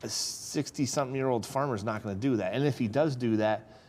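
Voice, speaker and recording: A man, a farmer speaking as a guest on a local talk show, earnest and halting, often restarting his sentences. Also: mid-range voice, a little mellow, slight background noise. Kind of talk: casual interview talk.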